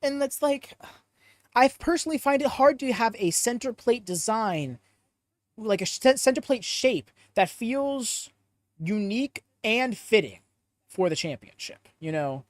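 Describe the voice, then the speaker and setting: Hosting a live podcast, a man with a very high voice speaks unhurriedly yet animatedly, offering opinions and wandering onto tangents as he reads audience chat aloud. The recording is dry.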